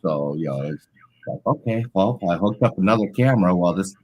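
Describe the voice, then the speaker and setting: A man with a low, expressive voice talks briskly as a guest on a live stream, rambling casually with lots of filler phrases into a large studio microphone. The sound is lo-fi.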